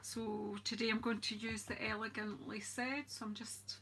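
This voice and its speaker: A woman's voice: fairly high pitch, flat delivery, moderate pace, fairly bright tone, slight background noise. A woman with a Scottish accent hosting a live crafting demonstration, chatting in a homely way, greeting viewers and laughing often. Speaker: craft demonstrator, channel host. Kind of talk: live-stream crafting demo, casual chat.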